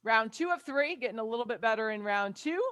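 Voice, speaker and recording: A woman's voice: a little high, animated, fairly quick, fairly bright tone, no echo. A young woman fitness coach leading a home workout, calling out moves and counting down with upbeat energy. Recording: dry close sound with faint music behind.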